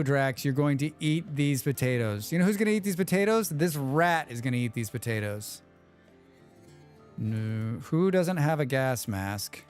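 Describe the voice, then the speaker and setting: A man hosting a live game stream, chatting quickly with viewers and thinking aloud as he plays. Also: medium pitch, expressive, a little mellow, soft background music. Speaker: livestream game host. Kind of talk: casual live gameplay commentary.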